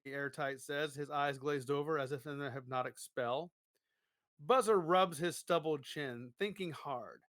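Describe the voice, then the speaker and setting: A man's voice: mid-range voice, a little slow, fairly bright tone, dry recording. A man co-hosting a podcast, reading a kids' gamebook aloud with playful jokes. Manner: playful, jokey. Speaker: podcast co-host.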